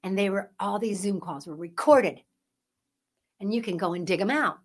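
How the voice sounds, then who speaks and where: A woman's voice: medium pitch, normal speed. A woman hosting a Christian podcast, giving impassioned commentary with emphatic, preachy delivery and a string of rhetorical questions. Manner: parent. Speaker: podcast host.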